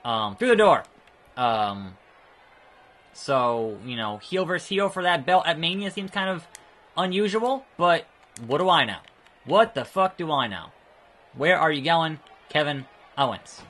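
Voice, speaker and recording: A young man giving let's-play commentary on a game, excitable and cursing freely, with sudden outbursts at the screen. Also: a little high, unhurried. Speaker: gaming channel host.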